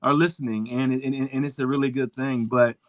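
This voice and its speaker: A man's voice: medium pitch, little pitch movement, a little fast, no room sound. A man hosting a sports talk show, talking casually with lots of fillers and restarts.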